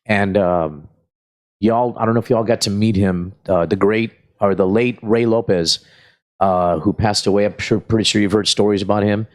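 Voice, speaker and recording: A man's voice: on the low side, moderate pace. A man, a guest comedian telling rambling, profane stories in a casual chat. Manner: profane, rambling, animated retelling. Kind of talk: casual storytelling.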